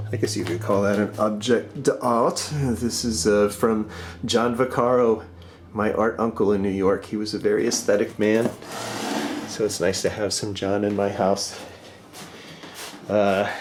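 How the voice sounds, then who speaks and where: A middle-aged man vlogs a tour of the art in his home, walking between rooms and speaking about it fondly and warmly, with frequent fillers and pauses. His pitch is fairly low, his voice softens and drops at the close of each thought, and a little hiss or hum sits under the recording.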